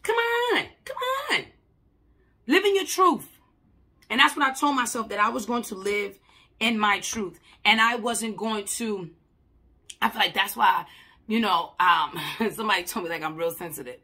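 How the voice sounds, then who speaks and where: A mental health worker tells a personal story to the camera, blunt and emphatic, repeating herself, swearing casually, and swinging between loud and soft. Her pitch is medium and her speed normal.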